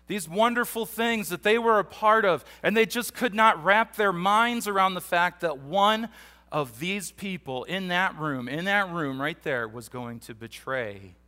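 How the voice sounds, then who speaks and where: Guy preaching casually, brightish voice a bit higher than most, acts out the disciples, lots of restarts. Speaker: pastor. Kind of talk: conversational sermon, Bible teaching.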